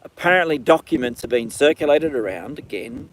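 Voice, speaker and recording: A man's voice: medium pitch, animated, fairly quick, slight background noise. A man with an Australian accent, live-streaming from a horse paddock on his phone, ranting and then chatting casually. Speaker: livestream host.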